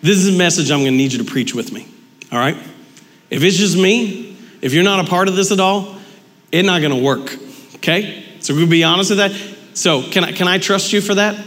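A man preaching a lively, conversational sermon, talking with his congregation and acting out quoted dialogue. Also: sits high, a little fast, long reverb tail. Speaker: pastor. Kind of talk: lively sermon with audience interaction.

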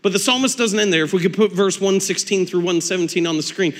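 A man preaching a sermon as pastor, telling stories in a conversational, animated way with quick laughs and acted-out asides. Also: sits high, in a large hall.

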